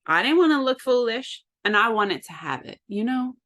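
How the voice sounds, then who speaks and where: A woman's voice: fairly high pitch, big pitch swings, moderate pace, fairly bright tone. A woman in her thirties hosting a show, telling a personal story candidly and with animation, often calling her listeners "y'all". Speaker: podcast host.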